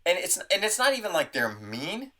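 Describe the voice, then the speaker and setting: Young male podcast host, bright tone, animated and crude, casual comic monologue. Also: high voice, normal speed. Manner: animated, profane, jumps into mocking voices. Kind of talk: casual comedic rant.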